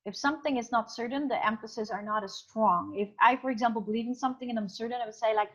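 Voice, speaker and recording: A woman's voice: fairly high pitch, fast talker, hardly any pauses, highs cut off. A woman teacher giving an online class. She explains through many examples and thinks aloud with fillers. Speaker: English teacher.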